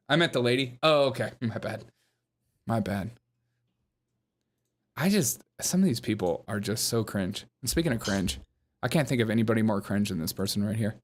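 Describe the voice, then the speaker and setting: Hosting a comedy news commentary show, this man talks fairly quickly and animatedly in a fairly high, bright voice. His tone drips with sarcasm as he ridicules his subjects, often imitating them in whiny quoted voices.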